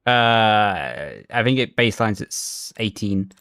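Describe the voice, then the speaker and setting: A man's voice: on the low side, very animated, slow pace, vocal fry, fairly bright tone, clean tone. A young man chatting casually on a sim racing livestream, thinking aloud as he sets up his rig. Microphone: headset.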